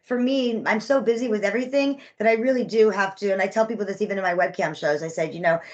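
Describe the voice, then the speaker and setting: A woman talks quickly and keeps rolling from one point to the next, stacking details as she goes. Her voice sits mid-range and comes through a dull, muffled, lo-fi recording. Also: medium pitch. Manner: fast, rambling storyteller. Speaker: podcast guest. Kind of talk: casual chat. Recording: dull lo-fi audio.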